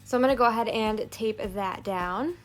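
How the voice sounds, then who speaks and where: A woman narrating a plan-with-me planner video, calmly explaining each crafting step. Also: on the high side, normal speed. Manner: calm step-by-step crafting walkthrough. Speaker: planner vlogger. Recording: soft background music.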